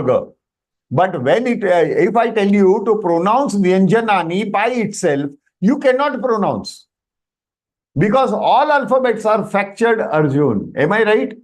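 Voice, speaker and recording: A man with an Indian English accent teaching Sanskrit in an online class, explaining patiently and checking with students, slipping into Hindi phrases. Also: high voice. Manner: animated explaining, often checks with "Am I right?".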